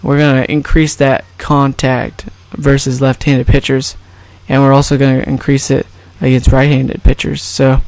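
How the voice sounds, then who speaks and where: A man's voice: medium pitch, completely flat delivery, moderate pace, hardly any pauses, a little mellow, no room sound. A man giving casual, rambling and jokey commentary over a baseball video game. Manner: rambling, jokey, self-correcting. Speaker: gaming YouTuber.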